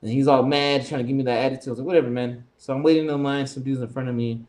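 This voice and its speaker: Fast-talking profane storyteller man. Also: mid-range voice. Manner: fast, profane, animated anecdote with lots of reported speech. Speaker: podcast co-host. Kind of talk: casual storytelling chat.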